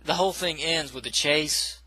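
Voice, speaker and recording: A man's voice: on the high side, normal speed, sharp tone, a little hiss or hum, rough recording. A man casually recapping a film plot in a rambling, self-correcting way, with dismissive asides. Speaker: movie reviewer.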